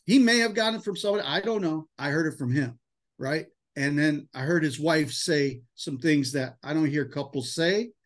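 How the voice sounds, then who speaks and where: A man leading a sales team, giving an emotional, hype-filled motivational talk in a casual style full of "man" and "dude". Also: a little high. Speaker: insurance sales team leader.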